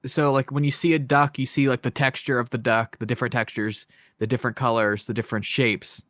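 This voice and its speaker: A man's voice: mid-range voice, level tone, brisk, a bit bright, dry recording, clean studio sound. A man co-hosting a podcast, rambling through a film review with many fillers and self-conscious asides. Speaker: podcast co-host.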